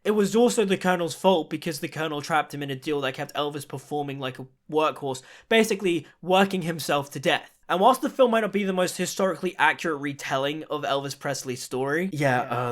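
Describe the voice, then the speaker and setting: A man's voice: on the high side, fast talker, hardly any pauses. A man giving a chatty, enthusiastic film review in a casual video.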